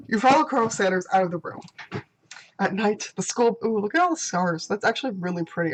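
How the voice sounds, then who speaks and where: A woman's voice: mid-range voice, animated, quick pace, poor audio. A woman playing through a dating game, reading its text aloud with playful, giggly asides. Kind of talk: casual gameplay commentary.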